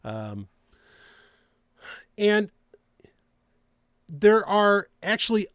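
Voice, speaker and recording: A man's voice: fairly high pitch, animated, takes it slowly, pauses often, a bit bright, no room sound, clean studio sound. A man hosting a podcast in casual chat, rambling with many restarts and frequent laughter. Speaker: podcast host.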